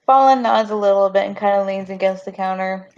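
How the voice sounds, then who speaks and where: A woman's voice: mid-range voice, brisk, darkish tone. A woman player in a tabletop game, casually narrating what her character does. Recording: dull lo-fi recording.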